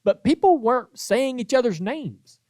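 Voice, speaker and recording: A man's voice: very high-pitched, moderate pace, dry recording, clean studio sound. A man, hosting a podcast and telling a story in casual chat, acting out the lines he quotes. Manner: animated storytelling, acts out quoted voices. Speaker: podcast host.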